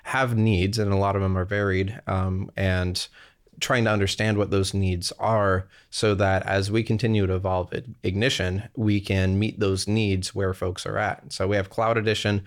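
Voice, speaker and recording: A man's voice: low voice, little pitch movement, moderate pace. A young adult man, an interview guest and company executive, telling a rambling anecdote with fillers and laughs. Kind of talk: casual storytelling interview.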